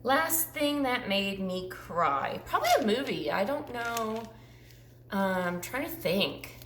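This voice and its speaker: A woman's voice: medium pitch, sing-song, slow, fairly bright tone, echoey room, a little hiss or hum. A woman in her forties chatting casually through a tag video, rambling with frequent ums. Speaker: YouTuber.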